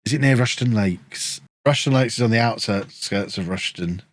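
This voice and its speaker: A man's voice: fairly low pitch, normal speed, no echo. Guy streaming a football manager game, chatty, reads out chat, gets hyped over goals, dry close mic sound. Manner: chatty, reacts excitedly to game moments, answers chat. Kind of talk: casual live-stream commentary.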